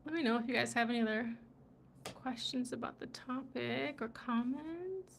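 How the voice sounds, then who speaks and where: A woman's voice: a little high, normal speed, gravelly, slight background noise. A woman from the USA hosting a livestream, chatting casually and laughing often as she reads viewer comments, tired from travel. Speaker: livestream host. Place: indoors in Morocco.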